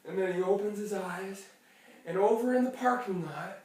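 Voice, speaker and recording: A storyteller improvising a lively bedtime story for a child, laughing often and acting out sound effects. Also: mid-range voice, moderate pace. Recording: echoey room, distant mic, faint noise.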